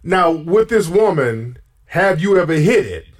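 A man's voice: a little high, very animated, unhurried. A man hosting a call-in radio show, teasing and riffing in a brash, sing-song way. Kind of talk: casual call-in advice talk.

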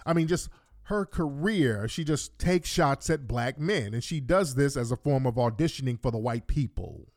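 A man's voice: mid-range voice, lively intonation, moderate pace, darkish tone, dry recording, studio quality. A man delivering a blunt, profane ranting monologue, repeating his points for emphasis. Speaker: commentator.

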